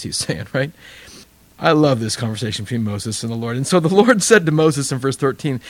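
Man, preacher, sermon, animated storytelling, acts out characters, medium pitch, dry close sound. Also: a little fast, dry recording. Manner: animated storytelling, acting out biblical characters with laughs.

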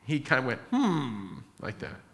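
A male pastor preaching a sermon, animated and acting out biblical dialogue, slowing down to stress key lines. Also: medium pitch. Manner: animated, acts out biblical dialogue, slows for emphasis.

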